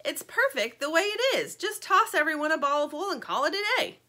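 A tough-talking little chick detective who snaps out short, blunt lines, as a woman reading the story puts her on. The voice sits high and bright, with a hard-boiled edge to every phrase. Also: sing-song, a little fast, heavily acted. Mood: gruff.

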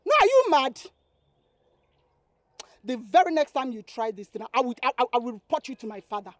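A woman's voice: fairly high pitch, fast, dry recording, lightly acted. A young actress with a Nigerian accent playing a scornful woman scolding a pest. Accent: Nigerian English. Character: sharp-tongued young woman.

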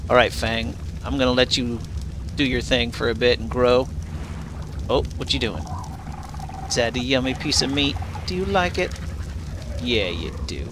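Man, gravelly voice, lively swooping pitch, let's-play commentary, coos at his pets, clear background noise with game sounds. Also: a little slow, pauses often. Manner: chatty, coos baby talk at his pets. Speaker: gaming channel host.

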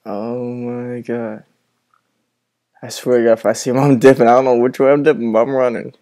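Man, mellow voice, average pitch, nervous gaming commentary, swearing, headset mic, home at night. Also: level tone, normal speed. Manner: jumpy, nervous and swearing, talking to a friend. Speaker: gamer reacting to a horror game. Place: room at home with the lights on, at night.

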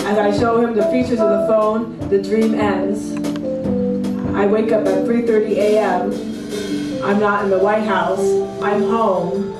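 A woman giving a live reading of her own poems, in a plain and measured way. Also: mid-range voice. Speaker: poet reading her work. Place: event hall at a book party. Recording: echoey room from far off. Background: live music playing.

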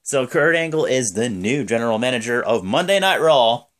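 A man recapping a show in a loose, rambling way, leaning on fillers. His pitch jumps around in a lively, animated way. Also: normal speed. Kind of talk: casual spoken recap.

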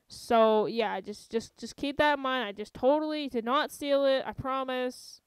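A woman doing comedic YouTube commentary, jokey and sarcastic, jumping between loud asides and quiet ones. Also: high-pitched, a little slow, very noisy.

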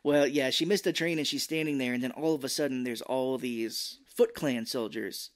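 Guy on a podcast retelling a movie plot, does goofy voices, medium pitch. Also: moderate pace. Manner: animated, slips into silly put-on voices. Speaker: podcast co-host. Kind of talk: casual movie recap chat.

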